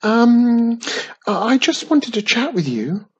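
A man voicing a cheerful, curious young female witch, pitched high and eager. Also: sing-song, unhurried, darkish tone, slightly rough, dull audio, full character voice. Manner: eager, stuttering when nervous.

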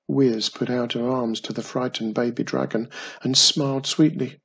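A storyteller reading a children's fantasy tale aloud in a measured way. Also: medium pitch, fairly even intonation, vocal fry, husky.

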